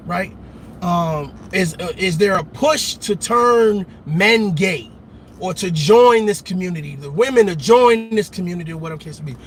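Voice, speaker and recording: A man's voice: high-pitched, slight background noise. A man hosting a show, delivering an emphatic commentary monologue, repeating his points and calling out to his listeners. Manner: emphatic, repetitive, calls out to listeners. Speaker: show host.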